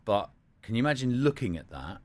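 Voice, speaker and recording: A man's voice: medium pitch, very animated, darkish tone. A man hosting a radio breakfast show, bantering playfully and teasing his co-host. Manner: teasing, jokey, quick to laugh. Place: radio studio.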